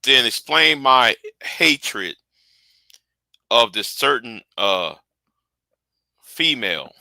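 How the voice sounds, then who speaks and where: A man's voice: mid-range voice, very animated, extremely slow, gravelly, sharp tone, no room sound, low-quality recording. A man hosting a livestream, ranting heatedly and profanely, often repeating and restarting his words. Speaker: livestream host. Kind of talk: angry livestream rant.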